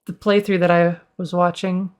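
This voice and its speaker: A woman's voice: lowish voice, level tone, moderate pace, a little mellow. A woman streamer reading a visual novel aloud, breaking off into giggly, flustered asides and playful reactions.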